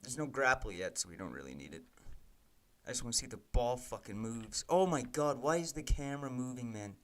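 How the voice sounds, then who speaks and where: A man live-streams while coding a game, casually muttering code terms and breaking into frustrated, profane rants. His mid-range voice is expressive and a little fast.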